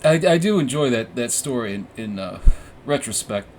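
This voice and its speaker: Young guy podcast host rambling a story, swears a lot, keeps restarting, normal pitch, faint room hum. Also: animated, moderate pace, darkish tone. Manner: rambling, profane, self-mocking, with frequent restarts and fillers. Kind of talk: casual storytelling monologue. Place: room with warm orange lighting.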